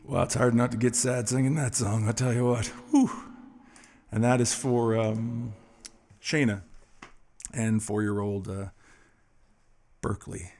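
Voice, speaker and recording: A man's voice: medium pitch, steady tone, unhurried, pauses often, mellow. A middle-aged Canadian man hosting a song-request show, chatting casually and telling rambling, folksy stories with lots of fillers. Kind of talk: casual chat between songs.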